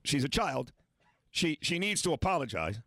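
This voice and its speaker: Brash male sports radio host, lively up-and-down delivery, dry booth sound. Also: a little high, moderate pace, no room sound. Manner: brash, blunt and boastful. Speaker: radio talk show host. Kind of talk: sports talk radio banter.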